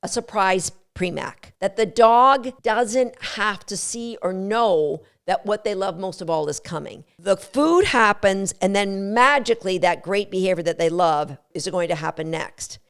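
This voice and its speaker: A woman hosting a dog-training podcast, teaching alone and acting out owners and dogs in bursts of high, excited voices.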